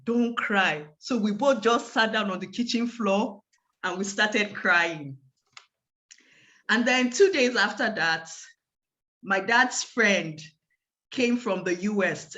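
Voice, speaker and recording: A woman speaks over a video call, sharing a personal story. Her voice sits at an ordinary middle pitch. She tells it vividly and slips into the dialogue as she goes. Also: measured pace, pushed and bright, dull audio. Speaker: guest speaker.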